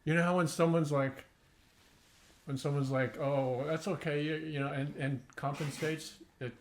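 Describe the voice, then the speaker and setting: Gentle, encouraging male acting coach. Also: fairly high pitch, steady tone, normal speed, a little hiss or hum. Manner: gentle, encouraging, probing questions. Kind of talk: coaching feedback in acting class.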